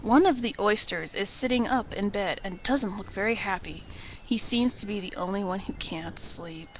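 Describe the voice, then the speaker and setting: A woman's voice: mid-range voice, normal speed, a little hiss or hum. A woman reading game narration aloud in a casual gaming session, playful and giggly. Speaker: let's play narrator.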